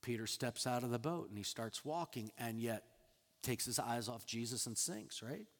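Animated preacher man in a hall. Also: normal speed. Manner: animated, acts out quoted lines with sudden loud high bursts and soft drops. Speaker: pastor. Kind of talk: sermon.

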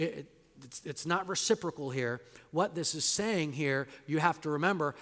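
In a space with long hall reverb, a male pastor preaches an expository sermon. His emphatic style swings between loud stresses and soft, low-pitched phrase endings, with certain key words drawn out slowly.

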